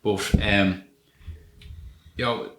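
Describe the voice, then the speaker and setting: A man's voice: fairly low pitch, fairly even intonation, extremely slow, fairly bright tone. A man co-hosting a podcast, reviewing a film in a casual, wry and sweary way. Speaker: podcast co-host. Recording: echoey room with faint noise.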